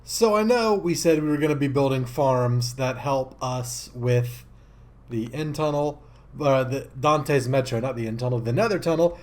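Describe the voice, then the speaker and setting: A man giving casual gameplay commentary as a let's-play host, rambling and easily excited, with many fillers. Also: medium pitch, normal speed.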